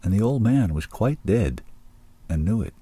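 Male audiobook narrator, deep and dark, dry close sound, measured. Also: lively intonation, slightly rough, no room sound.

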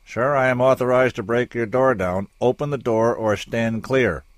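A man's voice: on the low side, steady tone, quick pace, a little mellow, no room sound, pitched above the performer's own voice, natural voice. A man voicing a formal, middle-aged army captain who gives curt, commanding orders. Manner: clipped, commanding military delivery.

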